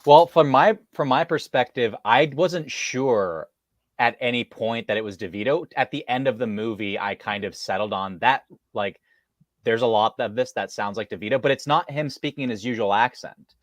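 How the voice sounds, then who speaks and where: A man's voice: mid-range voice, moderate pace, dry recording, clean studio sound. A man co-hosting a casual film discussion, talking with many fillers and restarts. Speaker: podcast co-host.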